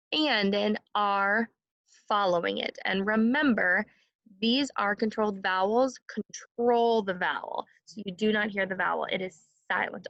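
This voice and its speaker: A woman teaching a second grade phonics lesson, sounding out words slowly and clearly and having the class repeat after her. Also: medium pitch, a bit bright, dry recording, muffled recording.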